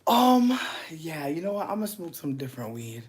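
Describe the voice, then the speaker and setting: A woman's voice: low voice, lively intonation, fast, noisy background. A young woman hosting a casual late-night livestream, rambling and giggly, talking straight to her viewers with lots of "like" and "um". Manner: giggly, swings between loud laughing outbursts and hushed whispers. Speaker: livestream host.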